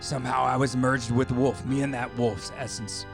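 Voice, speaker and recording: A man playing a boastful werewolf with a growling, gravelly voice who drawls and calls people baby, in an improvised radio comedy. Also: medium pitch, level tone, normal speed, close to an everyday voice. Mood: rambling. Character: boastful male werewolf, laid-back 1970s hipster. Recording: music playing behind. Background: music.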